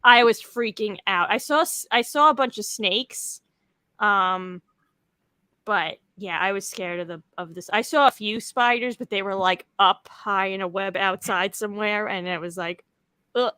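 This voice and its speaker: A young woman from New York co-hosting a livestream in casual chat, chatty and quick to laugh. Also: medium pitch, bright, forceful tone, clear, resonant tone, no room sound. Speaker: livestream co-host.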